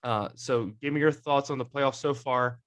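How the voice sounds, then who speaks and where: A man's voice: medium pitch, fairly even intonation, normal speed, fairly bright tone. A young man hosting a casual sports podcast, rambling with many fillers and restarts. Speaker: podcast host.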